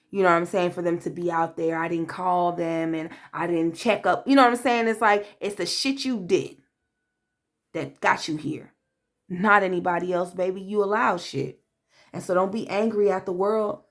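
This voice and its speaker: A woman's voice: fairly low pitch, normal speed. Woman, tarot reader, blunt, profane, streetwise, acts out quotes. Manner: blunt, profane, streetwise, calls listener babe. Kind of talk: casual tarot reading to camera.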